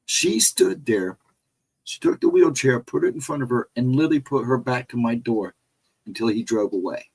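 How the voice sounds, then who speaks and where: A middle-aged man with a husky, breathy voice tells a personal ghost story in a loose, casual way. He rambles, backs up mid-sentence and walks through each turn and hallway in detail. His voice sits at an ordinary pitch for a man. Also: normal speed, poor audio. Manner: rambling, retraces directions step by step, frequent restarts. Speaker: guest storyteller on a paranormal talk show.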